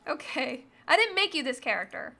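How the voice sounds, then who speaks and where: A woman in her thirties chats loosely while streaming a game, her high, bright voice bouncing between commentary and silly sung bits. She is playful and goofy, humming and singing nonsense as she plays. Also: very animated, moderate pace, gravelly. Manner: goofy, sings and hums while playing. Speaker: streamer playing a video game. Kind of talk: casual gaming chat.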